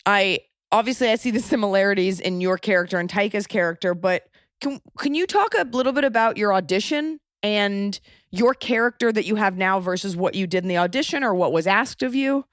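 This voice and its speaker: A woman's voice: medium pitch, brisk, dry recording, clean studio sound. Chatty woman hosting a podcast. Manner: playful, gushing, chatty. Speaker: podcast host. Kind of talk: casual interview chat.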